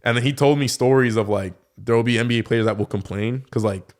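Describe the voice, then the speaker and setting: A man's voice: medium pitch, quick pace. Young man telling stories casually. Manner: relaxed storytelling, many fillers like "like". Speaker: guest, professional dunker. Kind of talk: casual podcast conversation.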